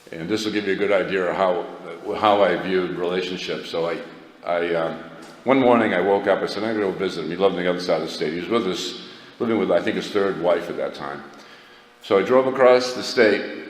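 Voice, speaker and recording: A middle-aged man telling a rambling, self-mocking personal story to a recovery meeting, laughing at himself. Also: deep voice. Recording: echoey hall, faint background noise.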